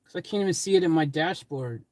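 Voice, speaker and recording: A man hosts a relaxed live stream from his van. He chats with viewers in the live chat and cracks jokes in a somewhat higher voice. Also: quick pace, no echo. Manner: jokey, chatty, addressing the live chat. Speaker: livestream host.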